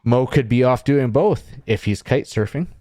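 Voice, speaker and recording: A man's voice: medium pitch, normal speed, warm tone, no echo. A man hosting a casual podcast, steering the talk and reading listener comments aloud. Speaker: podcast host. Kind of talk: casual chat.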